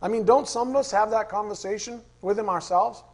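A man teaching a Bible study class. He asks the class questions, reads verses slowly and repeats the key lines. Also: high voice. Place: classroom with a board.

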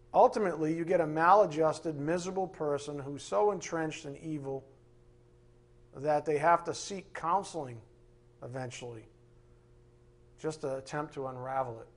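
A man teaching a Bible class in a casual, joking way, acting out little voices as he goes. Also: on the high side. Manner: animated, joking, acts out voices.

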